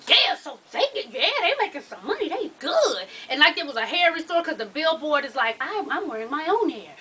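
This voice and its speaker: A young woman telling a long story in a casual vlog, profane and laughing through it. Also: very high voice. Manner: animated, profane, laughs through her stories. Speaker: vlogger. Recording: voice from a distance off the mic.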